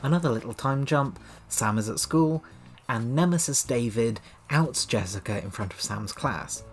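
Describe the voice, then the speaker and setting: A man's voice: mid-range voice, animated, normal speed, faint music behind. A man casually reviewing a novel, chatty and sardonic, reading passages aloud and laughing often. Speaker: book reviewer and reader. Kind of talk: casual book commentary with read-aloud passages.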